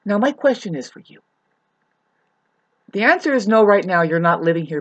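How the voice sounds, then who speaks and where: A woman venting in a ranting monologue, profane and agitated, swinging from loud scolding to hushed asides and stumbling over her restarts. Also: mid-range voice, animated, normal speed, pauses often. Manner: stammering restarts. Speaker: vlogger.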